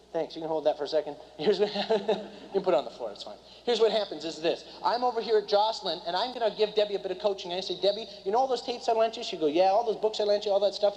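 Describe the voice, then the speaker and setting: Fast-talking man at a seminar. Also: a little high, slight background noise. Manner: rapid and animated, keeps quizzing the audience. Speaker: seminar speaker and business trainer. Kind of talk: live motivational seminar talk. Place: meeting room before a live audience. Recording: dull lo-fi recording.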